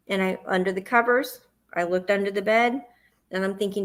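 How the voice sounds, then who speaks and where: A woman's voice: medium pitch, fairly even intonation, normal speed. A woman with a Southern US accent, hosting a livestream and telling a long personal story, acting out her own panic in the quoted parts. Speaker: host.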